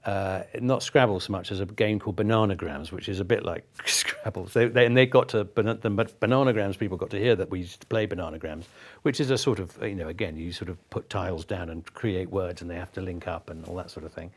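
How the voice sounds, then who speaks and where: A man from Britain, an actor being interviewed, telling witty, warm anecdotes with frequent restarts. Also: deep voice, fast.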